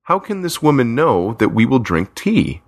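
A man's voice: mid-range voice, sing-song, normal speed, no room sound, studio quality, pitched above the performer's own voice. A man voicing a young older brother in a storybook, plain and mildly puzzled.

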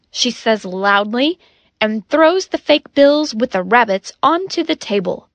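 Slow, deliberate woman narrating a lesson. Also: medium pitch, animated, no echo, dull audio. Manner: careful, deliberate reading. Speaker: narrator and language teacher. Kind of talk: slow, clear narration for learners.

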